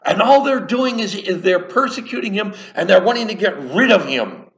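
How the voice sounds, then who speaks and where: A man's voice: sits high, animated, moderate pace, gravelly, a bit bright, muffled recording, exaggerated voice. A man voicing a repentant dying thief. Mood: rebuking. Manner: earnest, searching, then humbly pleading.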